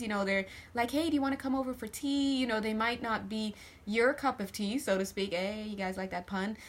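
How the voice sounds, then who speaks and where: A woman's voice: on the high side, fairly bright tone. A woman giving a casual spiritual tarot reading to camera, chatty and joking with viewers, often restarting her sentences. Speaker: tarot reader.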